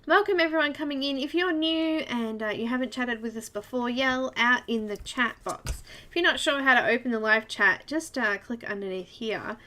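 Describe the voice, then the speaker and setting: A woman's voice: a little high, normal speed, few pauses, sharp tone. A woman with an Australian accent hosting a casual live coloring stream, chatty and giggly, greeting viewers one by one by name.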